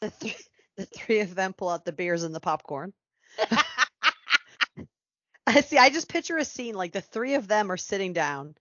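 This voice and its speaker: A chatty woman talking on a podcast, laughing often and tossing off quick character asides. The sound is dry and a bit dull, with no room around it. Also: mid-range voice, sing-song, a bit bright, dry recording. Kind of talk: casual fan chat.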